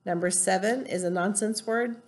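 A woman's voice: mid-range voice, moderate pace. A woman teacher giving a recorded spelling lesson, patiently explaining rules step by step and spelling words out letter by letter.

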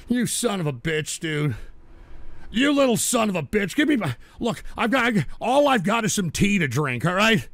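A man hosting a live radio show, ranting and suddenly breaking into shouting and swearing. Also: high-pitched, normal speed, no echo. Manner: excitable, bursts into shouting and swearing. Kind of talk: live call-in radio rant.

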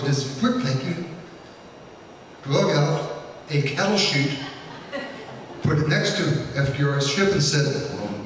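A man's voice: a little high, distant mic, slight background noise. Man lecturing in an echoey hall. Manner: anecdotal, folksy, with fillers. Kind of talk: public history lecture.

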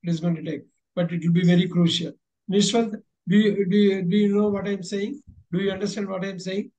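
A man's voice: sits high, steady tone, fairly quick, warm tone. A man teaching a class online, encouraging his students and repeating his instructions with many fillers. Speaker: English teacher. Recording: dull lo-fi recording.

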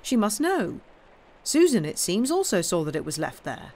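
A woman's voice: mid-range voice, sing-song, moderate pace, darkish tone, pitched above the performer's own voice. A woman voicing a good-humoured young man who answers an accuser lightly and with mockery in a storybook reading. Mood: cool, mocking. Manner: light, mocking, lifted tone.

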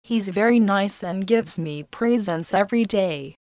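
A woman voicing a kind, gentle young woman in a slow, plain storybook reading. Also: medium pitch, dry recording, lightly acted. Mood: content.

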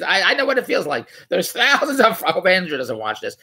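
Husky-voiced rambling man, very lively pitch. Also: a little fast, few pauses. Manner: rambling, digressive, self-correcting; incredulous, mocking. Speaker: vlogger. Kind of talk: rambling comic commentary on a news article.

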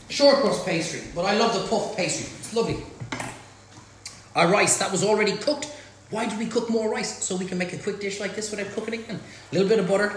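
High-voiced, chatty Irish man cooking live. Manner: chatty and excitable, full of exclamations. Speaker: chef host. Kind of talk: live cook-along stream. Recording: very echoey room, faint noise.

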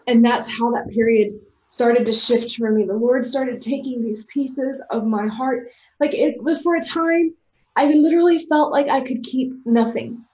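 An American woman with young children, giving an earnest, emotional faith testimony that moves between soft reflection and excited outbursts. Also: on the high side, a little slow, reverberant. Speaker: author and speaker.

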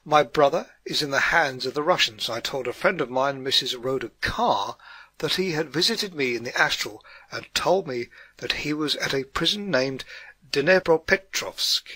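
An earnest middle-aged German housewife lectures her neighbours in a put-on German accent, as a man puts her on. The tone is bright and slightly husky, the sound dry and close. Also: medium pitch, expressive, moderate pace, no echo.

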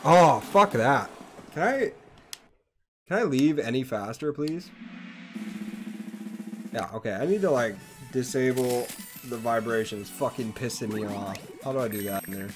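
A young man hosting his gaming channel, cursing his way through gameplay commentary that swings from mumbled asides to yelling outbursts. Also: mid-range voice, animated, unhurried, pauses often, music in the background.

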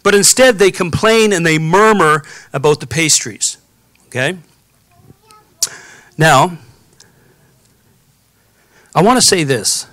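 A man preaching a sermon in a casual, storytelling way, pausing to ask the congregation questions. His voice is bright and forceful, sitting a little high for a man. The sound is dry and close. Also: no echo. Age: adult, has children. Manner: conversational preaching with frequent rhetorical questions and asides. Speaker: pastor.

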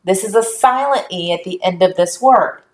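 Woman teacher giving a recorded lesson to small kids; patient and clear, mid-pitched, roomy echo. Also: a little hiss or hum. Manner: slow, clear, encouraging teacher talk to young children.

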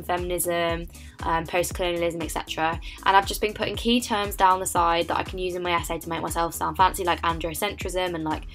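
A teenage woman with an English accent narrating a casual study vlog, chatty and animated with lots of filler words. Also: on the low side. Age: late teens. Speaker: vlogger.

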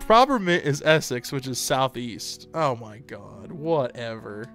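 A man's voice: medium pitch, expressive, measured pace, fairly bright tone, soft background music. An American man streaming live, chatting casually and playfully with his chat, reading comments aloud and laughing often.

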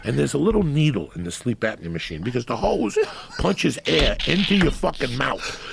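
Gravelly profane man in his fifties. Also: medium pitch, normal speed, a little hiss or hum. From New Jersey. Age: 50s. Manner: loud, profane, animated storytelling. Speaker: podcast guest. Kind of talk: casual chat.

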